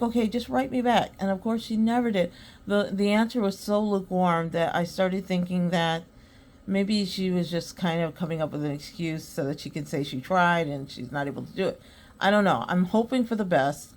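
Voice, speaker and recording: A woman's voice: on the low side, fairly quick. A woman hosting a podcast, chatting casually and acting out both sides of her conversations, then giving earnest advice. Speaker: podcast host. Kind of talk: casual storytelling monologue.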